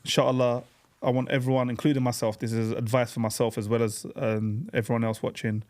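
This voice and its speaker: A man chats on a podcast at a middling pitch. He ribs his friends playfully and speaks earnestly when offering advice, with plenty of fillers. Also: level tone, a little fast, darkish tone. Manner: teasing, then earnest when giving advice. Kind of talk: casual chat.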